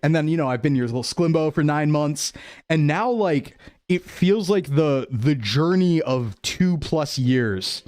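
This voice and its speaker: Rambling young man streamer, slightly high. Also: lively intonation, measured pace, darkish tone. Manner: rambling, repeats phrases, laughs often. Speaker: VTuber streamer. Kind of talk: reflective casual stream chat.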